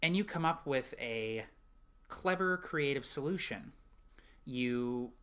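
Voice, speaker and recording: A man's voice: medium pitch, lively intonation, slow pace, sharp tone, clear, resonant tone. A man hosting a tabletop game advice talk, chatty and encouraging, with frequent ums. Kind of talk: casual advice talk to camera.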